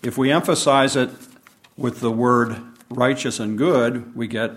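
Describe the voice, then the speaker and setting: Man preacher, mid-pitched voice, patient Bible study teaching style. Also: fairly even intonation. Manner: unhurried teaching, reads and explains scripture.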